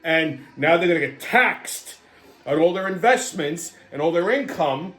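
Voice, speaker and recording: A man in his seventies, host of his own show, who rants and tells stories in a loud, animated way and swears constantly. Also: fairly high pitch, unhurried, reverberant. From New England. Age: 70s. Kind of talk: profane political rant and storytelling.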